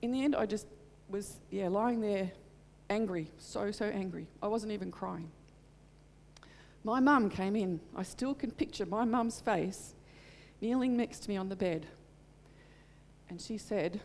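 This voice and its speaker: A woman's voice: medium pitch, unhurried, a little mellow, big-room sound, a little hiss or hum. A middle-aged woman preaching in church, telling a personal testimony in an earnest, heartfelt way. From Australia. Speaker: church speaker.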